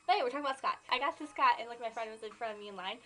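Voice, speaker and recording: A nineteen-year-old woman vlogging, gushing excitedly about a band she loves, full of "like" and "oh my gosh". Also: fairly high pitch, very fast, low-quality recording. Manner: excitable, gushing, filler-heavy. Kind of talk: gushing fan vlog.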